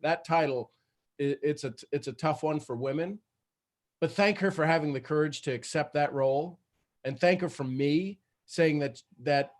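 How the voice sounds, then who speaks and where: A man hosting a video call, giving earnest coaching advice with halting speech and frequent restarts. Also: on the high side. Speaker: host. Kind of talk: motivational coaching talk.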